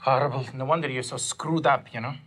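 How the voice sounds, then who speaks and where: A man's voice: mid-range voice, fairly even intonation, a little fast, a bit bright, close to an everyday voice. A man playing a doctor who reacts with exaggerated sympathy in a comedy sketch. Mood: sympathetic. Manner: overly sympathetic.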